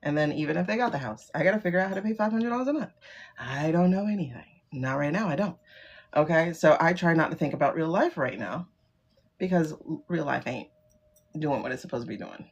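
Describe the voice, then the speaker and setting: Middle-aged lady on a tarot livestream, lowish voice, blunt and swears a lot. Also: brisk, slightly rough, highs cut off. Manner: blunt, animated, swears freely, laughs often. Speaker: livestream host doing tarot readings. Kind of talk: casual livestream chat.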